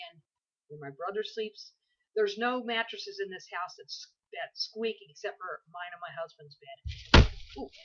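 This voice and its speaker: A woman's voice: mid-range voice, a bit bright, lo-fi sound. A tired woman in her forties telling a story to her camera from her bed at home, rambling and chatty with many asides. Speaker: vlogger. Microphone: built-in camera microphone.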